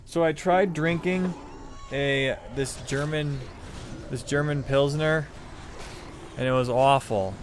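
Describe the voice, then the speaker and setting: Midwest guy streaming, rambly, swears a lot, pitch right in the middle. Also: slow pace, pauses often, slight background noise. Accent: Midwestern American. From American Midwest. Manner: rambling, profane, chatting to viewers. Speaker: game streamer. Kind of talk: casual live-stream chat.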